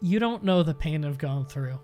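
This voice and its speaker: A woman's voice: sits low, animated, moderate pace, warm tone, faint music behind. A Canadian woman commenting on a game she plays, ranting in mock outrage and swearing a lot. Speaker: let's play host. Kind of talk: casual gameplay commentary.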